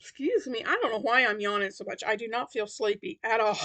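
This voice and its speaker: A tired woman chats about her crochet projects, wandering from thought to thought with plenty of ums. Her voice sits a little high and sounds bright and clear. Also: fairly quick, hardly any pauses. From Tennessee. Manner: rambling, many fillers and restarts. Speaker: crochet vlogger. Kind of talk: casual chat.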